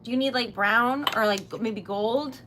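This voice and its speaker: Giggly, chatty young woman, slightly high. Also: unhurried, noisy background. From Rhode Island, US. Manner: chatty, giggly, emotional, many fillers. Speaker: livestreaming small-business owner. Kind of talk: casual live-stream chat while crafting.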